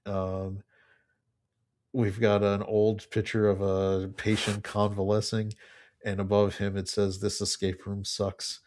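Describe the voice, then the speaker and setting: A man's voice: on the low side, monotone, slow pace, darkish tone. A man co-hosting a casual podcast, reading memes aloud and laughing often.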